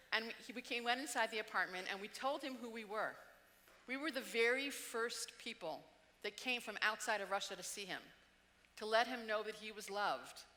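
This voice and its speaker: A middle-aged woman from the Washington DC area tells a personal story at a talk, acting out quotes and changing her pace. Her voice is bright and sharp. A long hall reverb trails behind her. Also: mid-range voice. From Washington DC area, United States. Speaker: speaker giving a talk.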